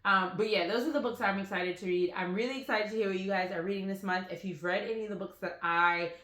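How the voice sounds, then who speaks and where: A woman's voice: mid-range voice, fast. A woman vlogging about books she bought, chatting casually and telling rambling stories full of fillers, recorded on a phone. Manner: rambling, animated storytelling with frequent fillers. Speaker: book vlogger. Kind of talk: casual chatty book haul vlog. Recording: roomy echoey room.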